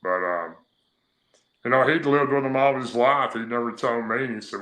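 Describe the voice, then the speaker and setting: A man's voice: medium pitch, normal speed, pauses often, bright, forceful tone. Man telling a long story, echoey. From Tennessee. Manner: rambling, plain-spoken storytelling with many fillers. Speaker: guest. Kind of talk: telling a personal story on a radio interview. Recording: echoey, roomy sound.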